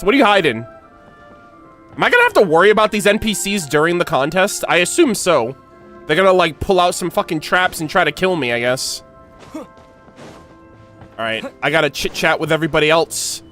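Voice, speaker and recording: A man streaming a game, reacting casually and reading dialogue aloud, excitable and quick to swear and laugh. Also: sits high.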